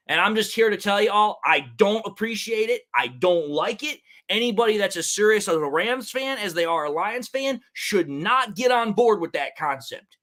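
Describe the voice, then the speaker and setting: Animated high-voiced man ranting about sports. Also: normal speed, hardly any pauses. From Detroit area. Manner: animated, heated, repeats "it's like, dude". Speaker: sports talk show host.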